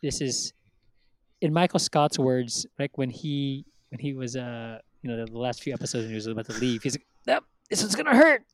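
A man's voice: medium pitch, fairly even intonation, fairly quick, no echo. A man co-hosting a casual podcast chat, rambling with many fillers and acting out quotes. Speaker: podcast co-host.

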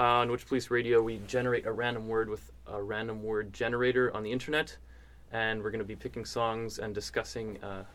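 Man, radio host, casual, hesitant, ums and uhs. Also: medium pitch. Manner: relaxed, hesitant with many fillers.

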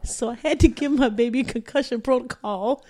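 A woman co-hosting a podcast in casual, animated chat, laughing often. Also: a little high, a little fast. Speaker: podcast co-host.

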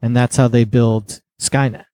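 A man's voice: mid-range voice, level tone, unhurried, dark tone, dry recording. A young man in casual podcast chat, explaining things patiently and setting others straight.

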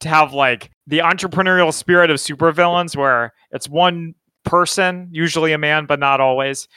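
Wry, high, bright-voiced male co-host. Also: steady tone, normal speed, clear, resonant tone, dry recording. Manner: wry and joking, asks pointed questions. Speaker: podcast co-host. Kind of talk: casual chat.

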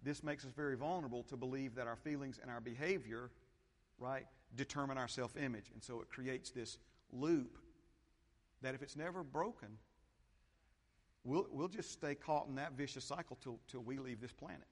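A man preaching a sermon as pastor, animated, often repeating phrases and checking in with his congregation. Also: medium pitch, normal speed. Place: church sanctuary. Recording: long hall reverb.

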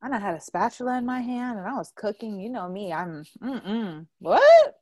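Lively storytelling woman, dry close sound. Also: mid-range voice, fairly quick, no echo. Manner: animated storyteller, laughs often, acts out quotes loudly. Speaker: podcast host. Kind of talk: casual family chat.

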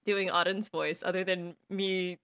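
A woman's voice: lowish voice, flat delivery, measured pace, heavy background noise. A woman cast member of a podcast chatting casually and enthusiastically. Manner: enthusiastic, laughs often. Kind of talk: casual chat.

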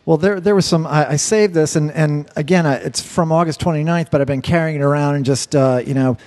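A man with a slightly high, brisk, somewhat mellow voice co-hosts a casual podcast talk show. He rambles and swears, often repeating words as he hunts for the right one.

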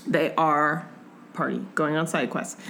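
A woman's voice: unhurried, creaky. A young woman hosting a podcast, chatting casually about a book and acting out its characters with big jumps in her voice. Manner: animated, acts out characters with big pitch jumps. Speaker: podcast host. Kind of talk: casual book-club chat. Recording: faint background noise.

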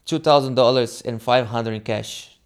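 This young man from Brazil, whose first language is Portuguese, speaks halting English with a Brazilian accent as an interview guest. His mid-range voice comes alive as he acts out quoted lines in a casual storytelling conversation.

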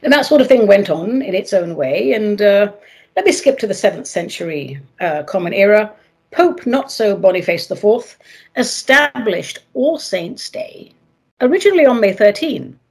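A woman hosting her own radio show, talking in a playful, dramatic way with sing-song emphasis and a husky voice; she moved to America from elsewhere. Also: medium pitch, big pitch swings, moderate pace. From not from America, moved there. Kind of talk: theatrical solo radio talk.

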